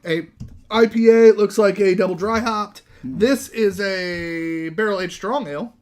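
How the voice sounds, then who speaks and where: A man hosting a live beer podcast, chatty and quick to laugh as he rattles through announcements. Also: sits high. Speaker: podcast host. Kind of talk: casual live-show chat.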